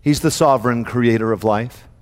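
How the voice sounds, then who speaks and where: A man's voice: mid-range voice, normal speed, big-room sound. A man preaching a sermon to his congregation, with a dramatic call-and-response cadence. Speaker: pastor.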